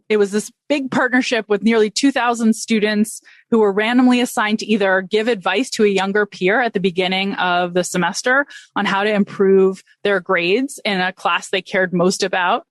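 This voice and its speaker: Middle-aged female academic guest; rapid, enthusiastic, self-correcting delivery, dry mic. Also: mid-range voice, dry recording. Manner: quick, enthusiastic explaining with restarts. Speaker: guest researcher. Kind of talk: podcast interview.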